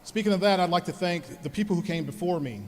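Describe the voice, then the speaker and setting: A man giving a heartfelt speech at an alumni event, telling personal stories and speaking softly when he thanks his parents. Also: high-pitched, fast. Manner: earnest, storytelling, grows soft when thanking his parents. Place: large hall at an alumni event. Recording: long hall reverb.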